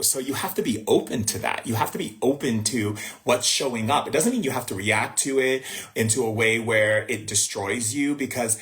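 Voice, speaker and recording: A man with a lowish, fairly bright voice hosts a livestream as a spiritual teacher, giving a live-streamed spiritual talk. He speaks conversationally but rambles, with restarts and asides. Distracted by trouble with his screen, he sometimes mutters to himself.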